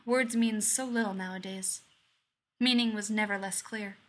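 A woman reading fan fiction aloud in a soft, measured storytelling voice. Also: medium pitch, fairly even intonation. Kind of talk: scripted narration.

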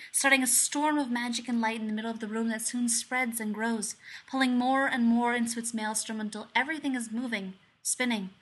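A woman narrates a story in a soft, measured way, her voice sitting a little high. She reads the prose steadily, as a storyteller. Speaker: fan fiction reader. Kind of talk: scripted narration.

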